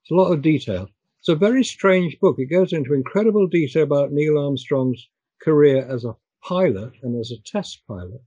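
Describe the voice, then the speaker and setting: An older man chatting on a discussion call, pausing and repeating words as he talks. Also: a little high, animated, warm tone, slightly rough, dry recording, dull audio. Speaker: guest. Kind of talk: casual chat.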